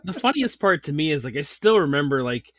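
A man's voice: fairly high pitch, fairly quick, no room sound, studio quality. A man in his thirties, a podcast host, telling a story in a casual chat, laughing often and filling his talk with "like.". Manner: animated storytelling, laughs often, many fillers.

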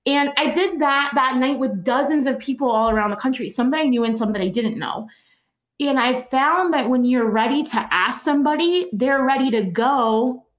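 Woman, high voice, animated storyteller, echoey room. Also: normal speed. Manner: animated, laughs often while telling stories. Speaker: guest, organizer. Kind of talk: conversational storytelling.

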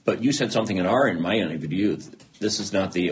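A man's voice: deep voice, a little fast, a little hiss or hum. A man in his thirties or forties, a guest telling a candid, earnest story about his own life, self-deprecating and acting out the dialogue he recalls. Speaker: interview guest. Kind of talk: candid personal story in an interview.

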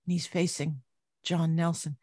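A middle-aged woman recounting memories as an interview guest, telling her story vividly and growing animated at its high points. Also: unhurried, slightly rough, no room sound, studio quality.

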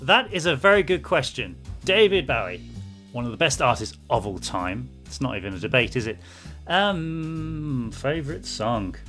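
A man's voice: medium pitch, big pitch swings, normal speed, pushed and bright, soft background music. A man hosting a podcast, reading listener messages in an upbeat, teasing way. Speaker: podcast co-host. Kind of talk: casual chat.

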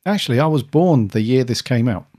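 Man, late 30s, podcast host, relaxed rambling delivery, mid-pitch. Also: brisk. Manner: chatty, meandering. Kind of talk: casual podcast chat.

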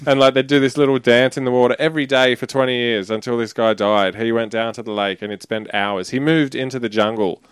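A man in casual chat, telling animated stories with laughter and the odd swear word. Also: medium pitch, brisk, hardly any pauses, clean tone, dry recording.

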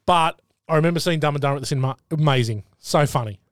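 A man's voice: on the high side, quick pace, dry recording, studio quality. A man hosting a casual, enthusiastic film chat. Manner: enthusiastic, chatty. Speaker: podcast host.

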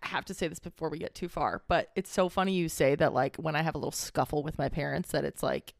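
A young adult woman co-hosting a podcast, telling a personal story in a relaxed, earnest way. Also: low voice, fast talker, vocal fry, no room sound, clean studio sound. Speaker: podcast co-host. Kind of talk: casual chat.

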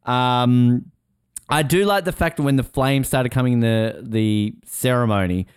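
Excitable podcast host who swears freely and mimics people mid-story; smooth tone. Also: male voice, mid-range voice, a little slow, no room sound, studio quality. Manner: excitable, swears, acts out quotes in voices. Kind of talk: casual chat.

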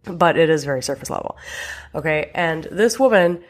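A woman's voice: sits low, expressive, normal speed. A woman hosting her own podcast as a relationship coach, talking frankly and chattily, with casual swearing. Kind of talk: casual solo podcast talk.

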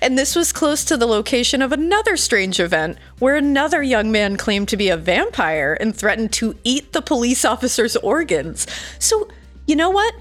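A woman's voice: on the high side, sing-song, moderate pace. A woman co-hosting a podcast, chatting casually and jokingly about odd crimes. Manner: jokey, laughs often, reads out quotes. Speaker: podcast co-host. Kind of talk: casual true-crime chat.

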